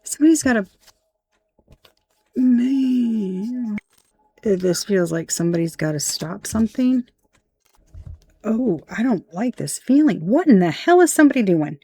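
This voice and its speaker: A woman's voice: mid-range voice, sing-song, brisk, darkish tone, husky. A woman giving a casual tarot reading, blunt and emphatic, swearing freely as she points out the cards. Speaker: tarot reader.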